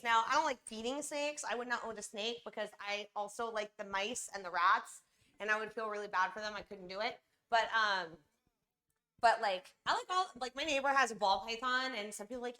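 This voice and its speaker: A woman's voice: mid-range voice, fairly quick, pushed and bright. A young woman from California chatting casually and rambling to her viewers on a live stream while she bakes.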